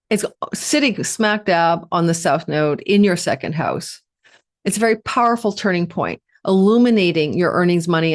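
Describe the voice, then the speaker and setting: A woman from Canada giving an astrology forecast in a chatty way, piling up lists of words and dropping in asides. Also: lowish voice.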